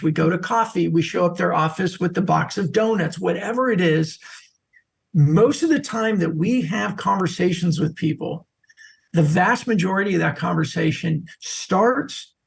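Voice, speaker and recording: A middle-aged man, a social selling expert, telling lively stories as a podcast guest. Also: high-pitched, normal speed, creaky. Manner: animated anecdotal storyteller. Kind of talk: podcast interview storytelling.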